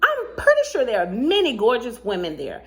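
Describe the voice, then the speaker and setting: A woman vlogger telling a dating story in a casual storytime, sassy and animated, often laughing as she acts out both sides of the chat. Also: on the high side, brisk, soft background music.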